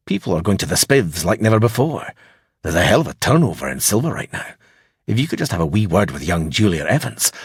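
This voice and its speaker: A man's voice: fairly low pitch, slightly rough, no room sound, clean studio sound, full character voice. A man voicing a wheedling middle-aged businessman with a faint Scottish accent in an audiobook. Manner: pleading, wheedling.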